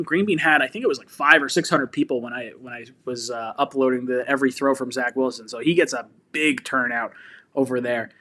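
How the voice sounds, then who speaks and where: Guy hosting a live fan stream, bright punchy voice, gets all fired up and laughs a lot. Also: mid-range voice. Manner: excitable and fired up, laughing and shouting. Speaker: sports fan channel host. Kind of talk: live-stream chat reading viewer comments.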